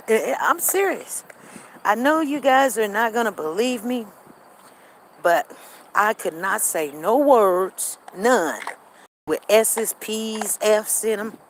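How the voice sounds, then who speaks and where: A woman vlogging on an outdoor walk, telling stories in a chatty, animated way and talking straight to her viewers. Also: medium pitch, a little hiss or hum, poor audio. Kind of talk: casual storytelling to viewers.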